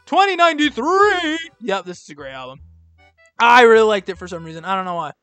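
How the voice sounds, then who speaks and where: A man's voice: sits high, animated, fast, fairly bright tone, clean tone, no echo, faint music behind. A young man giving casual, blunt and sarcastic commentary as he ranks albums, rambling with lots of fillers. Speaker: video creator ranking albums. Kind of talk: casual rant-style commentary.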